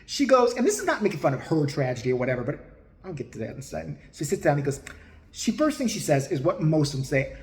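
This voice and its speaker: A man's voice: fairly high pitch, big pitch swings, quick pace. A man giving crude, mocking comedic commentary in a profane ranting style. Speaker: host. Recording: roomy echo.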